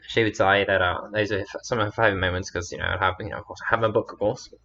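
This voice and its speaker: A man's voice: fairly low pitch, steady tone, fast, vocal fry, dull audio, heavy background noise. A man telling a personal story in a meandering, earnest way, often correcting himself. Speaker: storyteller vlogger.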